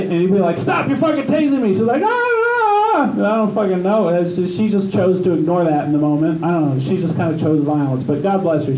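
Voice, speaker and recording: Heard from a distance in an echoey, dull live room with a little hiss or hum, a comedian at a gym bar open mic tells a meandering, profane story full of restarts and lost threads. His voice is high-pitched with a warm tone.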